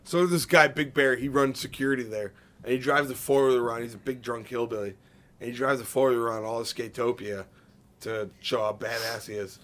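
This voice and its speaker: A man co-hosting a casual podcast, telling relaxed, rambling stories and laughing at what he cannot remember. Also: mid-range voice, fairly quick. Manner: laid-back, laughs at his own memory gaps. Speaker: podcast co-host. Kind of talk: casual chat among friends.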